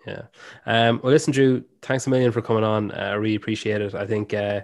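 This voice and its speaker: A man's voice: on the low side, little pitch movement, quick pace, vocal fry, a little mellow, no room sound. A man hosting a casual podcast interview, rambling and hesitant with lots of fillers. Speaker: podcast host.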